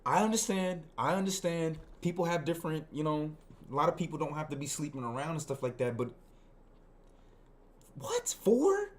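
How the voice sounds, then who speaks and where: A man's voice: on the high side, quick pace. Emphatic, profane man ranting. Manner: profane, emphatic, repeats himself for stress. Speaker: video host reacting to clips. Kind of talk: casual ranting reaction commentary.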